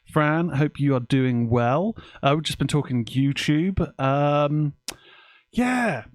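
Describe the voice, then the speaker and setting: A man from England, slightly high-voiced and expressive, speaks slowly as host of a live-streamed podcast, using a desk microphone in his home office with the windows open. He chats casually with offhand swearing, and the recording is dry and studio quality.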